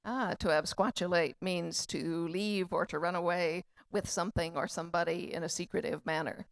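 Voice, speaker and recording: A woman author on a panel, explaining a word in a dry, matter-of-fact way. Her voice sits low with a gravelly fry. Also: steady tone, normal speed. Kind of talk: casual panel talk.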